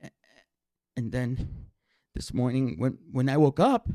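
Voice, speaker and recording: A man telling a personal story live on stage, animated and emotional, often stammering and repeating his words. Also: mid-range voice, measured pace, no room sound, clean studio sound.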